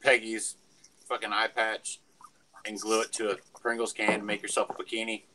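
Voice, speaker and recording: A man with a lowish voice throws dry one-liners into a stream chat. His mic carries a steady hiss and clicks. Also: normal speed. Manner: dry wisecracks, swears. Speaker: panel guest. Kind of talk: casual banter on a live stream.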